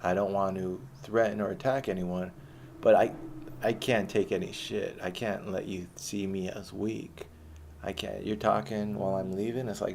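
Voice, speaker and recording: A man's voice: fairly low pitch, level tone, moderate pace, creaky, a little mellow, slight background noise. A man around thirty telling a personal story in a rambling, casual monologue with frequent restarts and swearing.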